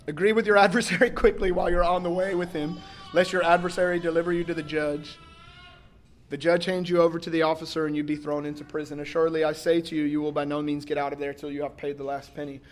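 High-voiced man preaching casually. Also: flat delivery, quick pace. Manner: casual, joking delivery with acted-out quotes and frequent 'like'. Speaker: pastor. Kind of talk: sermon.

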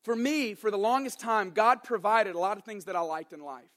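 A young adult man preaching a sermon as an animated, joking storyteller. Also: high voice, brisk. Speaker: pastor.

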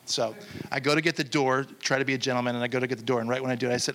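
Animated storytelling pastor, a man. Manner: animated, acts out quoted voices with sudden high jumps; drops to slow, hushed delivery for the closing appeal. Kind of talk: sermon with storytelling.

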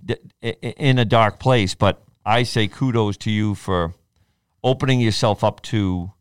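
A man's voice: on the low side, unhurried, clean tone, no echo, clean studio sound. A man in his forties chatting casually, acting out quoted speech as he tells his stories. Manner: animated storyteller, acts out quoted speech. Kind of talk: casual podcast chat.

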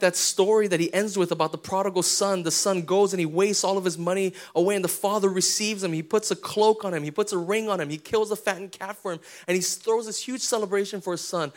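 A man's voice: high-pitched, a little fast, few pauses. A man preaching a sermon as pastor, in a casual, conversational way with slangy asides, often putting questions to the congregation.

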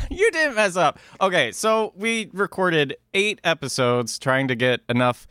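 A man's voice: high voice, big pitch swings, unhurried, bright, forceful tone, smooth, dry recording, studio quality. A man playing a tabletop game, chatty and apologetic in casual talk. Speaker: player.

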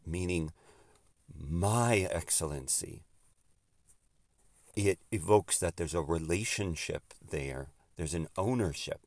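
A man preaching a sermon, swinging between emphatic outbursts and hushed, quiet stretches. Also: deep voice, dry recording, clean studio sound.

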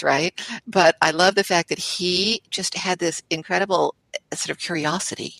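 A woman, an interior designer, talking in an animated, conversational way as an interview guest, with frequent laughs and soft trailing asides. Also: low-pitched, normal speed, vocal fry.

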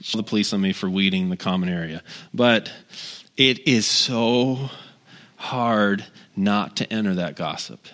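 A middle-aged pastor giving a casual, conversational sermon, telling personal stories with wry humor and lots of asides. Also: male voice, lowish voice, a little slow, a bit bright.

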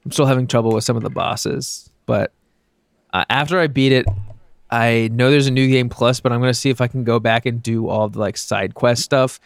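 A man's voice: medium pitch, fairly even intonation, normal speed, vocal fry, no room sound. A man co-hosting a podcast, talking casually and at length about a video game he is playing. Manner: laid-back, rambling gamer talk. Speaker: podcast co-host. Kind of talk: casual chat.

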